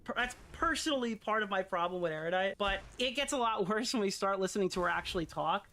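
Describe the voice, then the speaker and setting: A woman's voice: medium pitch, animated, fast talker, a bit bright. A woman streamer ranting in casual commentary, exasperated and swearing often.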